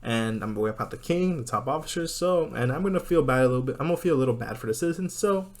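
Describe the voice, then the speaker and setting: A man's voice: mid-range voice, expressive, rapid-fire, lightly acted. A man doing breezy Rimuru, cheerful leader. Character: breezy, upbeat young male slime-leader. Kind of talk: retelling an anime scene in character voices.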